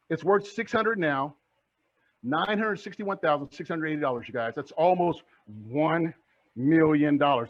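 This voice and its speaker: On a dull lo-fi recording, a middle-aged man presents to a club as a motivational speaker and real estate investor. Full of energy, he throws rhetorical questions at listeners and performs their replies, his voice on the high side and fairly bright.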